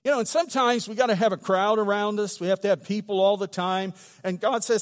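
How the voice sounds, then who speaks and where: High-voiced pastor in a reverberant church. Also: male voice, moderate pace, hardly any pauses. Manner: conversational and humorous, with emphatic swells. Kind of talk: sermon. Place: church sanctuary.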